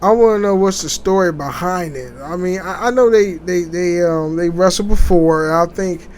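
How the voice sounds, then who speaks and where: Male podcast host, casual solo commentary, halting delivery with restarts, slightly high voice, faint background noise. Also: a little mellow. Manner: rambling, halting, many restarts and fillers. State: sleepy, yawning.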